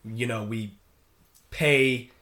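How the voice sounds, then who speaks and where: A man's voice: mid-range voice, steady tone, extremely slow, sharp tone. A man, a merchant sailor, telling stories in casual chat, rambling with many fillers and restarts. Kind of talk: casual storytelling.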